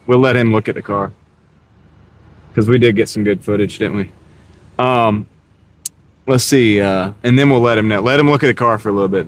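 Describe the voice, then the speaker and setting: A man from North Carolina chatting casually to his livestream viewers while driving, laid-back and full of "dude". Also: medium pitch. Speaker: delivery driver and livestreamer. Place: inside a moving car. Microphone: wireless clip-on mic. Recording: car road noise behind.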